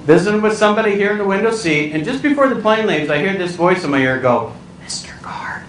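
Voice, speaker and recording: Male comic keynote speaker, high lively voice, story-driven stand-up, recorded from afar in an echoey hall with room noise. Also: fast, far from the mic. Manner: animated, acts out voices, squeals and cries out for comic effect. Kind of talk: stand-up storytelling to a live audience. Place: large hall with a live audience.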